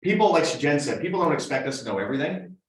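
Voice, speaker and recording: A man in his thirties co-presenting a real estate training in a casual, quick way with many fillers. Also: a little high, lively intonation. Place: meeting room with audience. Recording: echoey room.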